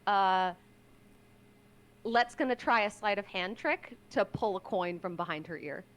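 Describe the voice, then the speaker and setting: A woman's voice: medium pitch, measured pace, fairly bright tone. A woman playing in a tabletop game, explaining her character thoughtfully with many hesitations. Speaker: player. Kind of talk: casual tabletop play.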